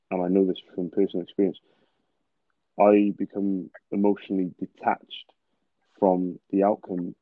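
Man, deep gravelly voice, rambling earnest host, phone-like sound. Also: dry recording. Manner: rambling, earnest, talks in long run-on stretches. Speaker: podcast host. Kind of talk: casual interview chat. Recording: tinny phone-like line.

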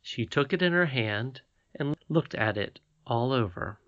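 A man narrating a storybook as an audiobook reader, soft and unhurried. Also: medium pitch, expressive, dry recording, dull audio.

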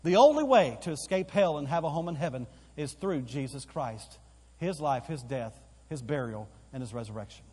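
A man's voice: on the high side, lively intonation, normal speed, darkish tone, husky. A man preaching a sermon as pastor in a church auditorium, with emphatic repetition that builds in force. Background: live congregation hall.

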